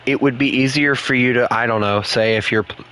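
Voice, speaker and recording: A man's voice: mid-range voice, steady tone, brisk, bright, forceful tone. A man chatting casually at home while he plays an online game with friends, rambling and joking with his teammates. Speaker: gaming streamer. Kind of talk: casual chat while gaming.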